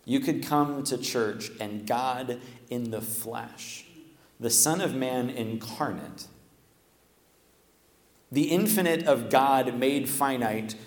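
A man's voice: mid-range voice, slow pace. Man preaching a sermon in a reverberant church. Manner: conversational, often tags "right?". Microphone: stands at a microphone. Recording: echoey church hall, long reverb.

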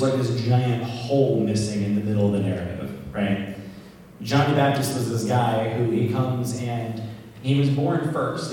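A man's voice: lowish voice, warm tone, a little hiss or hum. Chatty man preaching in an echoey hall. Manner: chatty, joking, frequent asides and tag questions. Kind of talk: casual conversational sermon. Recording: echoey hall, distant mic.

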